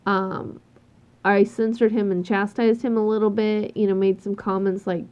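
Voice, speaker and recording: A woman's voice: mid-range voice, moderate pace. A woman telling a work story in a casual, exasperated rant, swearing freely and acting out what people said. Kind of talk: casual ranting monologue. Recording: dull lo-fi sound.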